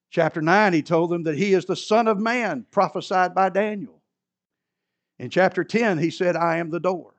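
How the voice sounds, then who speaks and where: A man preaching a sermon in a church, moving between loud emphatic repetition and low conversational asides. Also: normal speed, lo-fi sound. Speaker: pastor.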